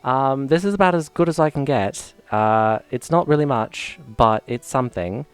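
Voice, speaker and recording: A man's voice: mid-range voice, normal speed, clear, resonant tone, soft background music, lightly acted. A man voicing a theatrical character in a put-on British accent, sounding effeminate and hammy. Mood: hamming apologetic.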